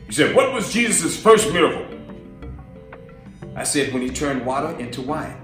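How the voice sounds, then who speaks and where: A man's voice: on the high side, very animated, normal speed, fairly bright tone, roomy sound, recorded from a distance, faint music behind. A man and minister giving a casual, storytelling sermon, chatty and laughing as he acts out voices in his stories. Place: live stream from a roomy space.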